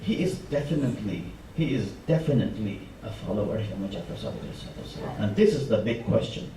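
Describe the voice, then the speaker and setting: Male preacher, mellow dark tone, impassioned delivery, distant mic in a reverberant mosque hall. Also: on the low side, animated, fast talker, slight background noise. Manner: impassioned, rising emphasis on repeated phrases. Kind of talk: sermon. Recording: echoey hall, mic from far off.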